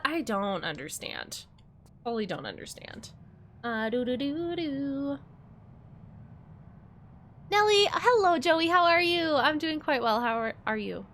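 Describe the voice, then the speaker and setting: Young female streamer, high and bright voice, bubbly chatter with her viewers. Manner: chatty and bubbly, swears freely, greets and thanks viewers. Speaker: game streamer. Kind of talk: casual livestream chat while playing.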